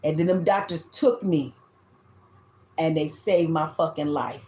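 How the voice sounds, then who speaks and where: A woman in her fifties with a Southern US accent, giving a tarot reading in loud, blunt, casual talk and swearing freely. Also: deep voice, unhurried, a little hiss or hum. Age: 50s. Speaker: tarot reader. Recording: echoey room.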